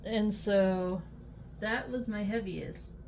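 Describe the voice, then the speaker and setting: A young adult woman chatting casually while unboxing a fidget toy, easily amused and quick to exclaim. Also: mid-range voice, gravelly, darkish tone, slight background noise.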